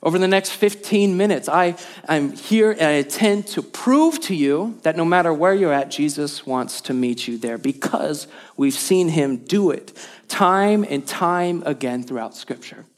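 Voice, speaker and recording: High-voiced pastor preaching. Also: male voice, measured pace. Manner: energetic, emphatic repetition, call and response. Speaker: lead pastor. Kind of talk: sermon. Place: church hall.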